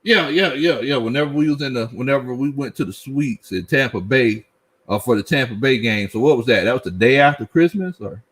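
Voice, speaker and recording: A middle-aged host runs a relaxed sports live stream, laughing often as he reads viewer comments and speaking in lively Southern slang. His medium-pitched voice moves fairly quickly and has a breathy edge.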